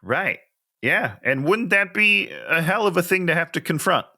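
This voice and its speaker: A man co-hosting a casual podcast, enthusiastic and quick with asides, swearing casually. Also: on the high side, very animated, creaky, pushed and bright. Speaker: podcast co-host. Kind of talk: casual chat.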